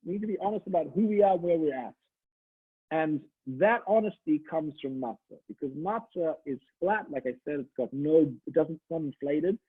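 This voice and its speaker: A man's voice: fairly high pitch, normal speed, slightly rough. A man, a rabbi, giving a holiday sermon in a conversational, storytelling way, often restarting his sentences. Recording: tinny phone-like audio.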